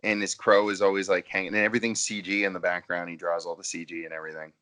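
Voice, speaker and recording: Low-ish bright voice, guy rambling over drinks, pitch bouncing all over. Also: fast. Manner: animated, rambling, with many fillers and restarts. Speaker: podcast co-host. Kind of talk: casual chat over drinks.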